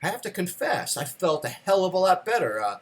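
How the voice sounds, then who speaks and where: A man telling a story from his childhood in a conversational talk, with casual fillers and slow, emphatic beats. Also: high voice, big pitch swings. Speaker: speaker telling a personal story.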